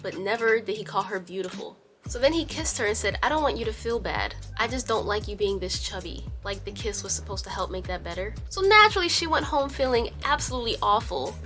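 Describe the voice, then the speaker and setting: A woman's voice: on the high side, fairly bright tone. Youtuber lady narrating a storytime, sassy and blunt, swears a lot, faint music under her.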